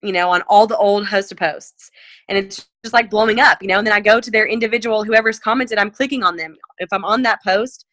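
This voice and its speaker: A woman's voice: fairly quick, dry recording. A woman leading a casual sales coaching talk over a video call, chatty and full of "like" and "you know," perking up when she acts out messages. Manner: animated, jumps up in pitch when acting out messages. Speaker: direct sales team leader. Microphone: video call mic.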